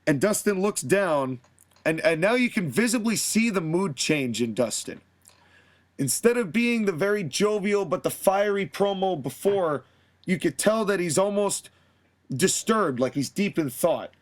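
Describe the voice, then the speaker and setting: A man hosting a podcast, narrating a wrestling fantasy booking story in an animated way. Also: sits high, unhurried. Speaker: podcast host.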